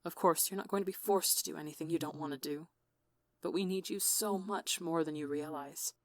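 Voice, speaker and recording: Woman as a soft, flat-voiced villain leader. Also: low voice, fairly quick. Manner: flat, soft, non-judgmental. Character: calm female villain leader, earnest.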